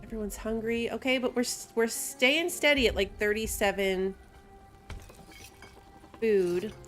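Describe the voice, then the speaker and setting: A woman's voice: fairly high pitch, steady tone, measured pace, fairly bright tone, faint music behind. A woman streamer casually talking through a city-building game and chatting with her viewers, laughing often. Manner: chatty, reads chat aloud, laughs often. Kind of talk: casual gameplay commentary.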